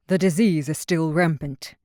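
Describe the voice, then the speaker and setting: A woman reads a desperate older king in a fantasy audiobook, his voice low and pleading. He raises it in anguish, and the recording is close and dry. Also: steady tone, moderate pace, mellow, dry recording, lightly acted. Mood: grave.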